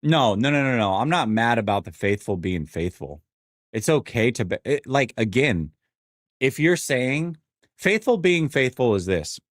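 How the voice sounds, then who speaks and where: A man in his forties hosting a live sports stream, venting his frustration and answering chat in an animated, exasperated way. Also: mid-range voice, measured pace, dry recording, clean studio sound. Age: 40s. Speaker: sports show host.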